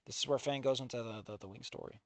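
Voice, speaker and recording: A streamer reading a visual novel aloud in casual commentary, swearing often and swinging from low muttering to loud outbursts. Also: quick pace, dry recording. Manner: swears a lot, rants and self-mocks.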